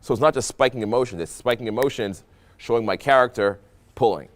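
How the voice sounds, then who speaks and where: A young man from Canada, a dating coach, talking through pickup clips with a playful, animated voice that drops low for effect. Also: quick pace. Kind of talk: voice-over breakdown of pickup clips.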